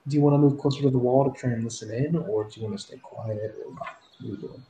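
A man's voice: medium pitch, fast talker, dark tone, a little hiss or hum. Brief: male game master, casual narration, roomy sound. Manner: descriptive, with fillers.

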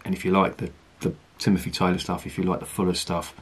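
A man's voice: deep voice, completely flat delivery, quick pace, slightly rough. A middle-aged man, reviewing beer in a chatty, ranting monologue and swearing casually. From Britain.

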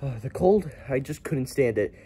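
A man's voice: medium pitch, lively intonation, normal speed, over music, lightly acted. A man voicing a goofy plush cowboy toy in a homemade plush skit, rambling and stumbling over his words.

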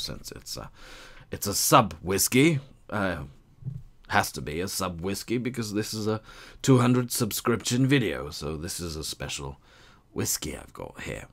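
A deep-voiced man talks casually to his viewers with a slow, unhurried pace. He hesitates often, fills gaps with ums, and slips in dry jokes. His pitch rises and falls in a lively way. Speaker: YouTube gamer and whisky vlogger. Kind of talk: casual chat to camera.

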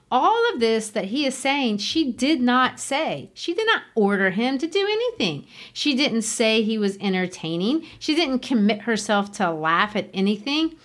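A woman's voice: fairly high pitch, fairly bright tone. A woman hosting a podcast, explaining a novel in an earnest, emphatic way. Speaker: podcast host. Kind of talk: literature discussion.

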